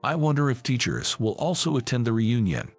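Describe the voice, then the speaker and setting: A man narrating a first-person story in a calm, measured way. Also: medium pitch. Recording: faint background music.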